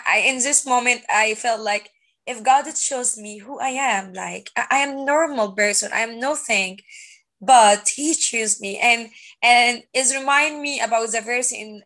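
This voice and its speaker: A young woman from Egypt, sharing her faith testimony earnestly in halting, filler-filled English. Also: a little high, sharp tone, low-quality recording. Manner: earnest, halting non-native phrasing with many fillers.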